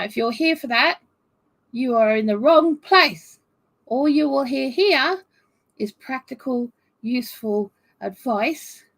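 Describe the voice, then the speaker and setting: A woman's voice: high voice, rough recording. A woman hosting a live stream about self-reliance, chatting casually with her viewers and warning that her speech may stutter today. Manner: chatty, greets viewers warmly by name. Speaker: host of a self-reliance channel.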